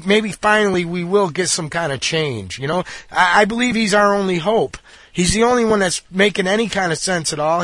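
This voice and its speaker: A man with a high voice rants angrily, blunt and repetitive, swearing as he goes. His voice sounds dry and close to the mic, with no room around it. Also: a bit bright, dry recording. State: angry. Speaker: political commentator. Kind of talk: angry monologue.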